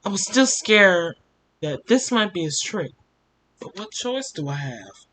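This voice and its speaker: Young male storytime host; slow reader, bright tense tone, emotional asides. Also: high voice, very animated. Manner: emotional, stops to comment and sigh. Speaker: storytime YouTuber. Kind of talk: reading a fan fiction story aloud.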